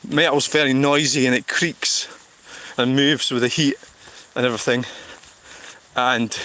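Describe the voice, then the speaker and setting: A man's voice: medium pitch, bright, forceful tone. A Scottish man casually chatting on a livestream and reading out comments, rambling and blunt, with plenty of swearing. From Scotland. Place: outdoors in the countryside.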